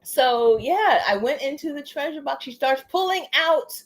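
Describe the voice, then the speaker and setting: A woman hosting a live stream in a relaxed, chatty way, her voice sitting a little high. She is animated and laughs easily, tagging her sentences with "you know" and "okay?". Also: normal speed. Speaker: livestream host. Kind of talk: casual livestream chat.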